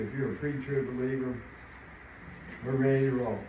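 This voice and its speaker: A middle-aged man preaching a sermon, chatty and animated, telling family stories and laughing along. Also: medium pitch, moderate pace. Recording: echoey room, distant mic, noisy.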